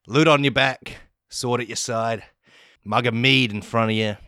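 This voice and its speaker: A man's voice: mid-range voice, unhurried, dry recording, clean studio sound. A man hosting a comedy podcast, telling a rambling comic story full of swearing. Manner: profane, rambling, animated.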